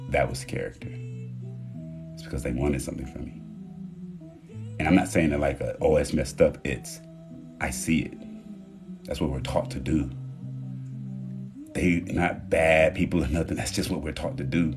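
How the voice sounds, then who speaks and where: A man's voice: rumbling low, moderate pace, long pauses, over music. A man from Houston, Texas, talking casually and candidly on a phone live stream, emphatic and swearing freely. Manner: animated, emphatic, candid with profanity.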